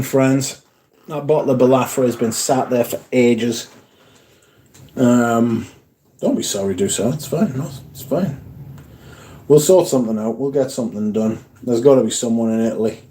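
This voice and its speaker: Guy on a livestream, swears a lot, kinda husky voice, chatty. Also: mid-range voice, warm tone. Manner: sweary, chatty, reads viewer comments aloud. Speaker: livestream host. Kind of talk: casual livestream chat.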